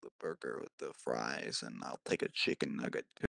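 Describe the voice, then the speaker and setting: A man putting on a very deep, mumbled voice of a man ordering fast food. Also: gravelly, bright, forceful tone, no room sound, clean studio sound, exaggerated voice. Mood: mumbling. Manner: very low, mumbled.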